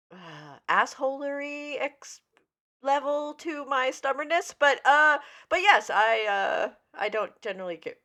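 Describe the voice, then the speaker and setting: A woman's voice: lowish voice, pushed and bright. A woman co-hosting a comedic podcast, wry and mock-grandiose, often stammering as she restarts. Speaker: podcast co-host. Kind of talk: comedic casual chat.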